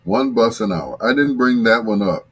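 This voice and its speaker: This is an older man running a casual live stream, where he reads viewer comments and jokes around easily. His voice is deep and husky, and he speaks at a moderate pace.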